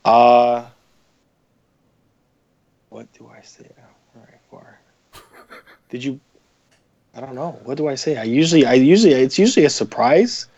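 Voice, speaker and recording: A man's voice: medium pitch, lively intonation, unhurried, long pauses, a little mellow, highs cut off. A man, a podcast guest, chatting casually in a rambling, profane way with many fillers. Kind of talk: casual chat.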